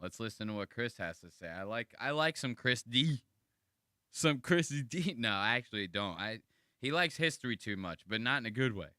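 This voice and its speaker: A man hosting a casual podcast, ranting about clips with exasperation and plenty of swearing. His voice is bright and lively, swinging up and down, and it sounds close and dry with no room echo. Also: mid-range voice, moderate pace. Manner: profane, exasperated, mocking. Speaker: podcast host reacting to clips.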